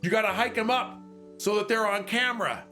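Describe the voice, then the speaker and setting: Over soft background music, a male streamer with a high, bright, forceful voice chats fairly quickly while livestreaming a video game. He jokes around, reads viewer messages aloud and laughs often.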